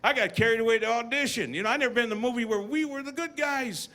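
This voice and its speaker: A man performing a stand-up comedy routine, telling stories and acting out voices with deadpan punchlines. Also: very high voice, fast talker. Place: comedy stage with live audience. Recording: live audience, noisy room.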